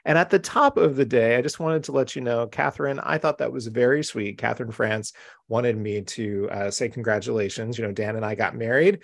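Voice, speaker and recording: A chatty, welcoming man hosts a live-streamed craft show from his home craft room. His voice sits at an ordinary pitch with a gravelly edge. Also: a little fast. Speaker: host.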